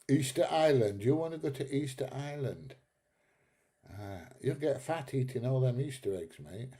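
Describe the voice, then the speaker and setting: A man's voice: mid-range voice, lively intonation, measured pace, long pauses, dark tone. A middle-aged man hosting a live stream, chatting casually and bluntly, swearing and laughing at his own jokes. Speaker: live stream host reading chat.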